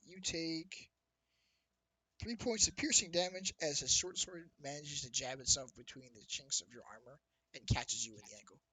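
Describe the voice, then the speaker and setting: A man's voice: fairly high pitch, normal speed, sharp tone, rough recording. A man narrating as dungeon master in a loose, chatty way, with lots of ums. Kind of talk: casual tabletop game narration.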